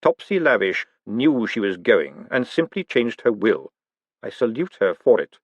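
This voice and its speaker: An icy, measured aristocrat who drops each word with calm menace, as a male narrator puts him on. The voice moves with a lively rise and fall. It sounds close and dry. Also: fairly low pitch, dry recording, highs cut off. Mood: cool menace. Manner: slow, measured, precise and icy.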